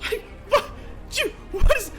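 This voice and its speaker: A man voicing an excitable little male goblin who stammers and fumbles his words. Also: a little slow, faint music behind, heavily acted. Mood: flabbergasted. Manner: squeaky, flustered, stammering.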